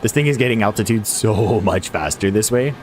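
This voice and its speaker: A man streams a building game, chatting casually to viewers and to himself and laughing often, in a lowish, fairly quick voice. Faint music plays behind him, and there's a little hiss or hum.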